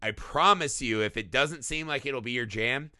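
A man co-hosting a casual movie podcast, talking fast and swearing freely as he breaks down a film. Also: medium pitch, clean tone, no echo, clean studio sound. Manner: animated, profane, acts out characters in quick bits. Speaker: podcast co-host.

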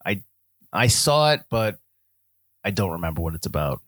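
A man's voice: low-pitched, normal speed, no echo. A man in his forties co-hosting a casual chat, laughing often. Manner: laughing, animated. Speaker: podcast co-host.

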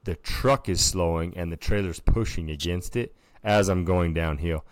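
A man's voice: sits low, moderate pace, dry recording. A man co-hosting a casual podcast, telling a story animatedly and peppering it with filler words. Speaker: podcast co-host. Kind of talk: casual chat.

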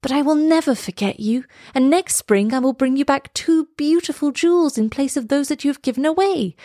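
Woman doing a small male swallow, storybook bird, high tender voice, pleading, dry close sound. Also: fairly quick, warm tone, no room sound, close to an everyday voice.

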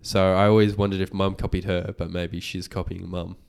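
A man, hosting a podcast and retelling a story in casual chat, animated and swearing freely. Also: low voice, fairly quick, vocal fry, smooth. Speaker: podcast host.

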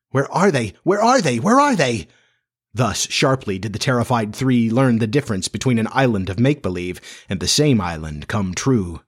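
Low husky guy reading a storybook, calm and measured. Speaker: audiobook narrator. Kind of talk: scripted narration.

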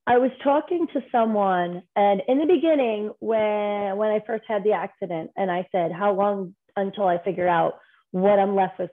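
A woman speaks as a guest in casual conversation, her voice at an ordinary middle pitch. She tells her stories candidly and rambles, restarting her sentences as she goes. The sound is thin and tinny, like a phone line. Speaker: podcast guest.

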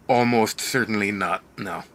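A man, co-hosting a casual podcast with deadpan, dry humor. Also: fairly low pitch, measured pace. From Ireland. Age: 30s. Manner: deadpan, dry joking with restarts.

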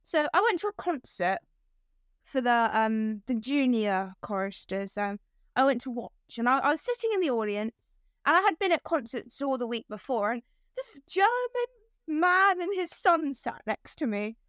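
Giggly high-voiced young woman. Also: normal speed, no room sound, clean studio sound. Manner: giggly, animated storyteller. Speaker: podcast co-host. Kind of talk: casual chat, storytelling.

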